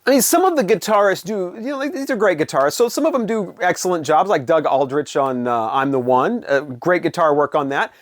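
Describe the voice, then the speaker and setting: A man's voice: fairly high pitch, lively intonation, a little fast, hardly any pauses, no echo, clean studio sound. A middle-aged man giving a casual, blunt, opinionated music review, with frequent fillers and restarts. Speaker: vinyl collector vlogger.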